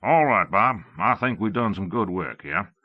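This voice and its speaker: A man's voice: lowish voice, expressive, normal speed. A man reading a big, friendly army colonel. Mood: genial. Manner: big, friendly, smooth-talking. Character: burly, bluff male army colonel. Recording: dull lo-fi cassette audio.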